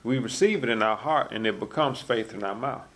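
A calm, affirming speaker in a casual faith discussion, often quoting scripture. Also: mid-range voice, brisk, slight background noise. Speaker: church discussion participant.

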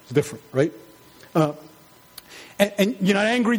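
A man preaching a sermon in an animated, conversational way, acting out quarrels in high mocking voices. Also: normal speed, long pauses.

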